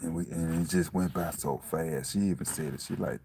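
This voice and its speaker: A man giving a casual, profane motivational talk about staying calm, repeating himself to press his point. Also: deep voice, fairly quick, creaky, a little hiss or hum. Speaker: vlogger.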